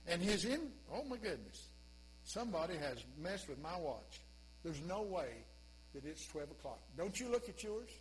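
A man's voice: a little high, a bit bright, slight background noise, poor audio. A male pastor preaching a sermon in a folksy, conversational way with humorous asides.

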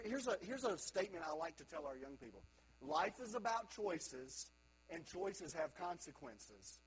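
A man preaching a sermon to a congregation, moving between quiet reflective stretches and loud emphatic calls to young people. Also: fairly high pitch, breathy edge, low-quality recording. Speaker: pastor.

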